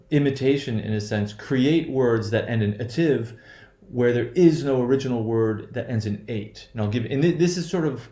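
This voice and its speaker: Halting man teaching in an echoey room. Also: mid-range voice, warm tone. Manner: halting, self-correcting, many fillers and "right?" checks. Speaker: English pronunciation teacher. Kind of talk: recorded lecture.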